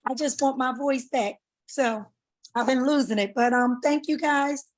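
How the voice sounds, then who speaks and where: A woman's voice: sits high, a little slow. A woman losing her voice, giving chatty, rambling thanks on a team call. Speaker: network marketing leader. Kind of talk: casual call remarks.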